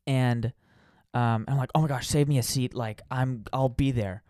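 Smooth-voiced man telling a story. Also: medium pitch, moderate pace, no room sound, studio quality. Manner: animated storyteller, restarts and acts out quotes. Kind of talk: casual chat.

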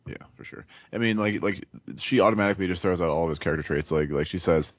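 Deep-voiced man talking books. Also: fast talker, no room sound. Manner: thinks aloud, analytical. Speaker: podcast co-host. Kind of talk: casual book discussion.

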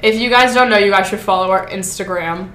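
A woman's voice: mid-range voice, a little fast, a bit bright. Rambling young woman podcast host, echoey. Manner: rambling, filler-heavy, giggly. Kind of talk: casual chat. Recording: echoey room with faint noise.

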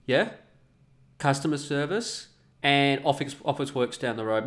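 A man's voice: medium pitch, expressive, measured pace, fairly bright tone. A middle-aged man telling a story and ranting casually, swearing a lot. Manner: profane, ranting, mocking voices. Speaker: vlogger.

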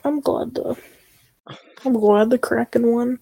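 Gravelly-voiced woman in casual chat. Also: a little high, steady tone, slow, dark tone, no echo.

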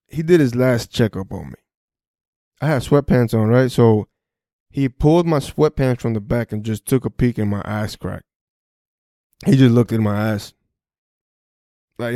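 A young man tells a story on his podcast in loose street slang, full of swearing and false starts. His voice is warm and mellow, and the close mic sounds dry with no room echo. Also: medium pitch. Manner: profane, street slang, frequent restarts. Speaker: podcast host. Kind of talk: casual first-person storytelling.

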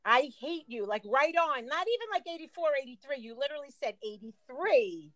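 A woman's voice: sits high, expressive, fairly quick, no room sound. A woman in casual chat, teasing her friend bluntly. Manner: teasing, swears, laughs along.

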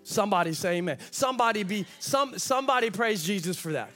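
A man's voice: high-pitched, lively intonation, quick pace, over music. A man preaching a sermon as pastor, emphatic, with lots of repetition and acted-out quotes.

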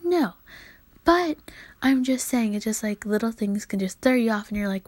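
A woman's voice: medium pitch, normal speed, darkish tone, dry recording. Woman in her twenties, solo podcast host, rambling sweary monologue, dry close recording. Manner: rambling, sweary, drifting into whispers.

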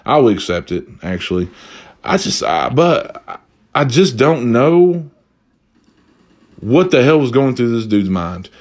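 A young man telling a comedic story casually, profane and animated, jumping from high exclamations to low asides. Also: slow pace, pauses often. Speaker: vlogger.

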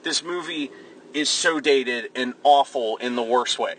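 A man's voice: mid-range voice, measured pace, fairly bright tone, a little hiss or hum, low-quality recording. A man co-hosting a podcast, ranting angrily and swearing as he reviews a movie. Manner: ranting, angry, profane. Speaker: podcast co-host. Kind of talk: casual movie review chat.

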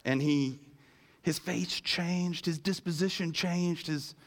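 A man's voice: a little high, fairly even intonation, takes it slowly. Conversational middle-aged male preacher. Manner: conversational storytelling, varied emphasis, repeats words. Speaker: pastor. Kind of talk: sermon.

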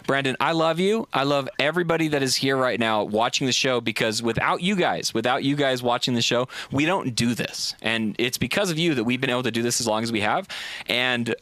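A man's voice: medium pitch, brisk, a bit bright, no echo. A man hosting a casual live call-in podcast, rambling and gushing thanks while tipsy from shots. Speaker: podcast host.

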